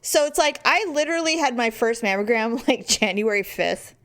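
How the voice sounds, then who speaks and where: Woman podcast host, chatty, swears freely, lively storyteller voice pitched a bit high. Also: normal speed. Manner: animated storyteller, acts out quoted voices. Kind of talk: casual chat.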